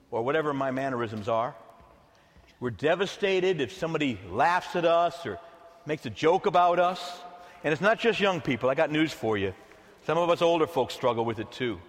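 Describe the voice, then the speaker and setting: A middle-aged male pastor preaching a sermon in an animated, conversational way with playful asides, in a church with long reverb. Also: fairly high pitch.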